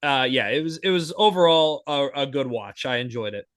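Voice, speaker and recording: Animated and smooth, his medium-pitched, fairly bright voice moves at a normal speed as he co-hosts a podcast. The young man chats casually and eagerly, rambling with many fillers and restarts. Clean studio sound, no room sound.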